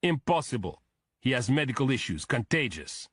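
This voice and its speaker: A man's voice: medium pitch, very animated, normal speed, a bit bright, breathy edge, dry recording, studio quality. A man voicing a hulking Russian bodyguard with a thick accent, blunt and curt.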